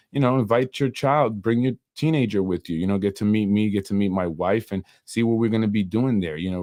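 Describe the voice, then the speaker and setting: A man's voice: fairly low pitch, a little mellow, no echo, clean studio sound. A middle-aged man from New York hosting a solo podcast, talking in an earnest, rambling way with many fillers and an emotional edge. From Yonkers, New York. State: emotional, voice softening. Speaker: podcast host and community organizer.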